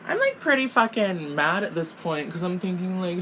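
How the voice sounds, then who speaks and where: Slight background noise sits under this beauty vlogger's low, very animated voice, which moves at a normal speed with a fairly bright tone. The young woman does her makeup while rambling through a storytime, casual and exasperated, cursing nonstop and packing in "like" after "like."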